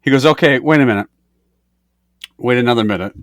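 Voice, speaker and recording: A man's voice: mid-range voice, brisk, dry recording, clean studio sound. A man co-hosting a podcast, telling a story in casual chat, acting out both sides and swearing freely. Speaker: podcast co-host.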